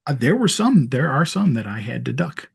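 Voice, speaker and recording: Casual podcast guest: a man with a husky voice, chatty storyteller. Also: mid-range voice, sing-song, moderate pace. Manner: storytelling with laughs and many restarts. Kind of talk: casual chat.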